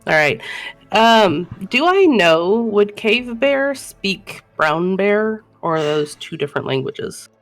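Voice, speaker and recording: A woman's voice: medium pitch, very animated, slow, no echo, soft background music. A woman playing a tabletop game, talking tentatively and thinking aloud. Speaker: player.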